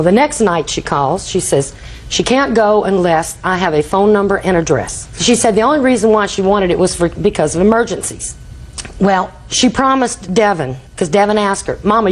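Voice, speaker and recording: Husky older woman telling a long story. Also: medium pitch, expressive, brisk, rough recording. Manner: rambling storyteller, acts out quoted dialogue. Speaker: litigant. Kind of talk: courtroom testimony. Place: TV courtroom.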